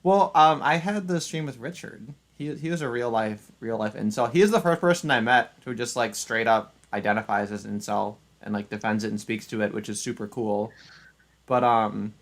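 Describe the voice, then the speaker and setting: A man's voice: mid-range voice, normal speed. A man hosting a casual chat stream, rambling and sarcastic, often restarting his sentences. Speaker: streamer and channel host.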